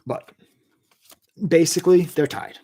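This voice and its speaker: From his home, a man runs a music review livestream, ranking albums and reading the live chat aloud as he rambles enthusiastically. His voice is on the high side and dark in tone, and he keeps a measured pace.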